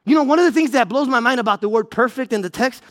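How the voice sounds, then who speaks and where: A man preaching a sermon, stressing points through repetition and swinging between loud exclamations and low, quiet lines. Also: quick pace. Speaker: pastor.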